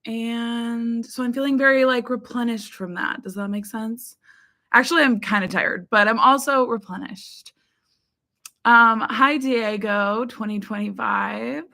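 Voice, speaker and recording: A woman's voice: on the high side, bright, forceful tone. A woman from the United States hosting a casual live stream, chatting loosely with viewers and greeting them by name, with frequent ums. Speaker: livestream host. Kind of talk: casual live chat reading comments.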